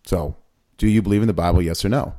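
A man's voice: low voice, fast talker, dark tone. A man co-hosting a podcast in casual talk, pressing his questions over and over. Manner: insistent, pressing questions repeatedly. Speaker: podcast co-host.

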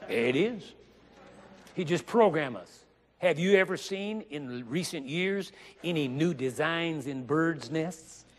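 A man delivers a sermon in a slightly high voice, slowing down on key words for dramatic emphasis. He breaks it up with joking asides. His voice rings out with a long reverb in a large hall. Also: animated. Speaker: preacher.

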